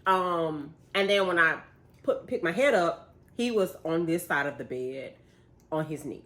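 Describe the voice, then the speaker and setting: A young woman, casually telling a story, animated and laughing as she acts out what people said. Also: on the low side, unhurried. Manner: animated, laughing retelling with quoted voices. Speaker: vlogger, bride-to-be.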